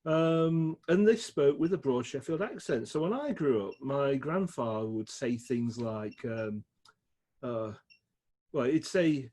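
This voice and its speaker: A middle-aged man with a Yorkshire accent, telling stories in a chatty, animated way as an interview guest. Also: a little high, measured pace, slightly rough. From England. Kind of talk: casual storytelling chat.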